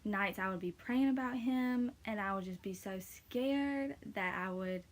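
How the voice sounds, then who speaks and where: A woman's voice: mid-range voice, measured pace. A young woman casually telling a personal faith story, rambling with many fillers, emotional and close to tears. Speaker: vlogger sharing testimony.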